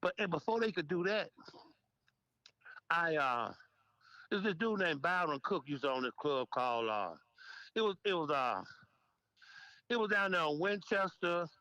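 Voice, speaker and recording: Older man, lively storyteller voicing the people in his tales; bright tone, dry close sound. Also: fairly high pitch, clear, resonant tone, dry recording, low-quality recording. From Memphis, United States. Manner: animated storyteller, acts out quoted dialogue, laughs often. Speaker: interview guest, veteran club DJ. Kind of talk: storytelling in casual interview.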